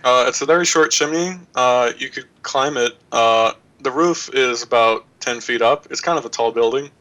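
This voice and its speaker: A man's voice: medium pitch, normal speed, pushed and bright, low-quality recording. Rambling man running a tabletop game. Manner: loose, rambling description with many fillers. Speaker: game master. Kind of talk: narrating a tabletop game over voice chat.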